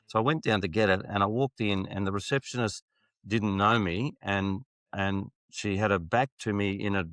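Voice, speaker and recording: A middle-aged man hosting a podcast, telling stories in a relaxed way. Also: lowish voice, moderate pace, no echo, studio quality. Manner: relaxed storyteller. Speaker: podcast host, dentist. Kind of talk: conversational interview, anecdotes.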